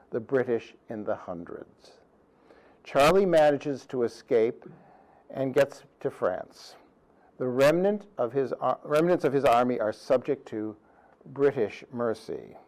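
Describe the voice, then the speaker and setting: A man tells history as a comic lecture, taking his time over every sentence. His wit is dry and pedantic, and he lands each joke deadpan. His voice sits at an ordinary middle pitch. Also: slow pace, rough recording. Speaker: performer of a musical history talk. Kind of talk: humorous history lecture with songs.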